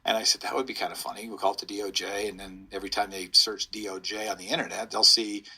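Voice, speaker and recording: Husky, forceful middle-aged police storyteller. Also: male voice, on the low side, level tone, fast talker. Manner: rambling, chuckling storyteller. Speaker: police officer, public information officer. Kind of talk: anecdotal storytelling in an interview.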